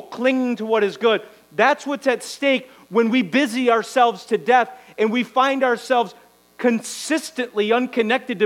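A man's voice: extremely high pitch, rough recording. A man preaching a sermon, exhorting the congregation and tagging lines with "right?". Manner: exhorting, rhetorical "right?" tags. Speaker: pastor.

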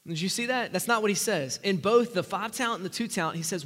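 High voiced preacher guy, punchy then hushed, echo rolling through a big church. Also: fast. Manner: emphatic, swings from loud rising lines to low quiet asides. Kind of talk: sermon.

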